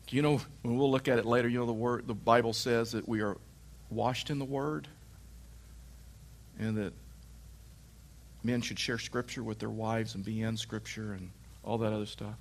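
Animated storytelling man preaching a sermon. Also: medium pitch, normal speed, long pauses. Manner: animated storytelling, mimics his wife's voice.

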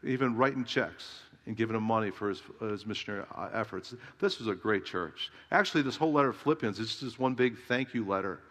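This fast-talking middle-aged pastor from Southern California barely pauses as he preaches, pressing rhetorical questions on his congregation with emphatic delivery. His voice is lowish and fairly bright, set in the long reverb of a large hall.

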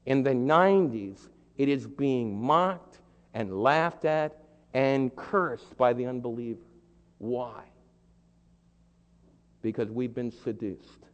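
A man from the East Coast of the United States preaching a sermon as pastor, using repeated rhetorical lists and questions and building to loud, emphatic peaks. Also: medium pitch, lively intonation, slow, long pauses. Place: large church sanctuary. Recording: dull lo-fi sound in a reverberant hall.

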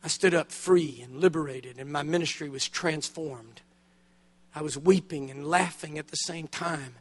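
High-voiced older man preaching animatedly. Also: normal speed. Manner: animated storytelling with big swings in pitch and volume; drops to a hushed, low delivery on solemn points. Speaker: guest preacher. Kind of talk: sermon. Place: church conference hall.

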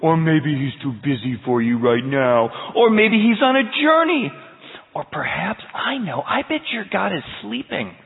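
A man's voice: on the high side, big pitch swings, unhurried, vocal fry, exaggerated voice. A man voicing a mocking male prophet who sarcastically taunts his rivals, heard with a tinny sound in an echoing hall.

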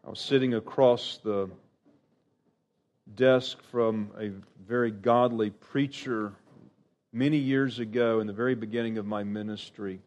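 A middle-aged man preaching a sermon, earnest and emphatic, with sudden rises in pitch and lines that trail off quietly. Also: fairly even intonation, a little slow.

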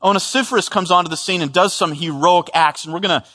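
Earnest preacher in a reverberant hall. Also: male voice, high-pitched, fast, bright, forceful tone. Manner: earnest, emphatic, with frequent restarts and repeated words. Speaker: pastor. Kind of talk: expository sermon. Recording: long reverb of a large hall.

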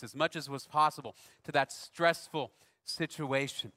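A man preaching a sermon, telling a personal story in a relaxed, conversational way with dry self-deprecating humor. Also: on the high side, normal speed, big-room sound. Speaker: pastor.

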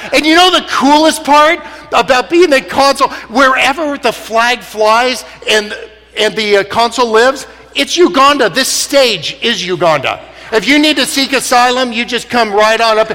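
A man telling comic stories on stage, animated and laughing often. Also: very high-pitched. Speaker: speaker. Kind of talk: comic storytelling talk. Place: stage in a large hall. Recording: long hall reverb.

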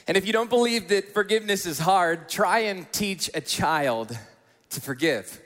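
High-voiced male pastor preaching in a hall. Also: moderate pace. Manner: conversational storytelling, animated. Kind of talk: sermon. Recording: echoey hall.

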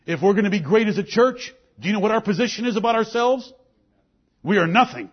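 Husky high-voiced preacher, very animated. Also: male voice, fast talker, highs cut off. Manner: emphatic preaching with King James scripture quotes. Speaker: pastor. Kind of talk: sermon.

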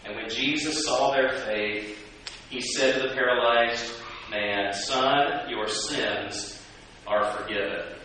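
A man preaching a sermon and asking the congregation questions, lively and animated. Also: medium pitch, slow pace. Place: church sanctuary. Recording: echoey church from a distance with hiss.

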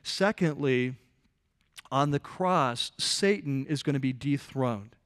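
A man preaching a sermon, talking in a conversational, animated way and joking with the congregation in the front row. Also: medium pitch, takes it slowly. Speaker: pastor.

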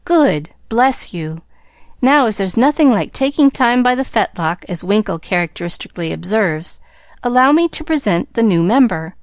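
A woman's voice: medium pitch, expressive, moderate pace, no room sound, studio quality, lightly acted. A woman voicing a tomboyish girl speaking with eager, mock-formal earnestness.

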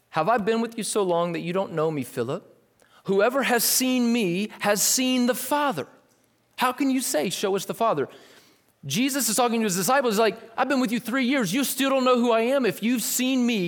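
A male pastor preaching a sermon in a casual, lively way, dropping slang asides. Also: sits high. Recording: long hall reverb.

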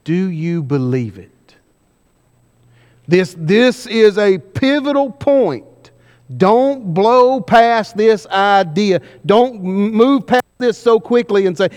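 Man, preacher, high-pitched voice, emphatic questioning, sermon, long hall reverb. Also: expressive, slow pace, a little mellow, clear, resonant tone. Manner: emphatic, questioning the congregation, varying pace widely.

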